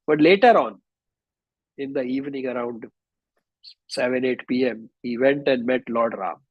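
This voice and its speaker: A man's voice: mid-range voice, moderate pace, no room sound, highs cut off. A man telling a devotional scripture story over a video call, acting out the dialogue. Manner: animated, acts out dialogue.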